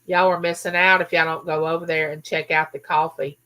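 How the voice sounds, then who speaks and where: Hosting a casual live chat, a woman with a low-pitched voice talks fairly quickly, chatting with viewers and reading out their comments. She's chatty and animated, addressing the audience directly.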